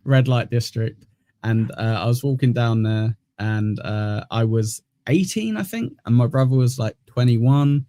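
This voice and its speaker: A man's voice: medium pitch, a little slow, mellow, no echo, clean studio sound. A young man co-hosting a casual podcast, teasing his co-host with crude jokes, laughing often and reading out donations. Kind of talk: crude casual banter reacting to clips.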